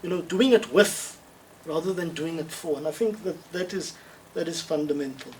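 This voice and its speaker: A man answers questions in an online webinar, speaking in a measured, thoughtful way with restarts and emphatic repetition, over a video call. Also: fairly high pitch, darkish tone, far from the mic, a little hiss or hum, low-quality recording. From South Africa.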